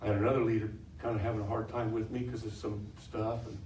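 A man preaching a sermon in a church, telling humorous stories in a conversational way and building to loud, emphatic points. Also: fairly low pitch, level tone, fast, slight background noise. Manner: conversational storytelling, swelling to loud laughing emphasis. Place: church sanctuary with congregation. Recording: echoey live church recording from a distance.

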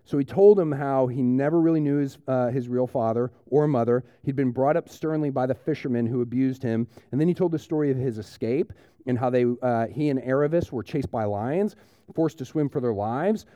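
A man, preaching a conversational sermon and retelling a story with lively restarts. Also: medium pitch, a little fast, no echo, lo-fi sound. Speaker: pastor.

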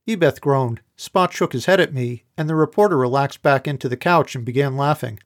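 A man narrating a first-person audiobook in a measured, wry delivery. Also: medium pitch.

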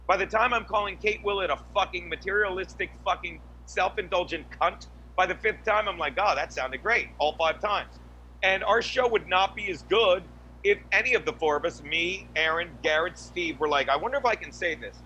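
A man's voice: sits high, normal speed, sharp tone, highs cut off, slight background noise. A man on a casual podcast, ranting and rambling with lots of swearing and restarts. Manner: profane, rambling, rant-like; many restarts and fillers. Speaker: podcast co-host, guest. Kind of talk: crude casual podcast chat.

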